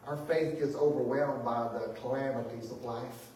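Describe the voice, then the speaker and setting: A pastor preaching a sermon in lively style, shifting between booming exclamations and hushed asides, often chuckling. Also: male voice, moderate pace, slight background noise. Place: church sanctuary. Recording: echoey hall, mic at a distance.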